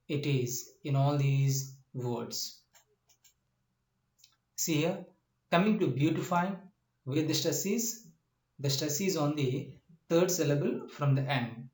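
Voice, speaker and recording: A man with a fairly high voice gives a lecture at a very slow, deliberate pace. He repeats each point with many "uh" pauses and keeps asking whether the listener understands. The room around him is echoey. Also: darkish tone. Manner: slow, repetitive explanations with frequent "uh" and checking questions. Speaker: teacher. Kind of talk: classroom lecture.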